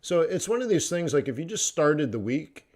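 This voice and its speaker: A man's voice: on the high side, sing-song, normal speed, a little mellow. A man hosting a trading livestream in casual chat, rambling between topics, laughing often and acting out quoted voices. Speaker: forex trading livestream host.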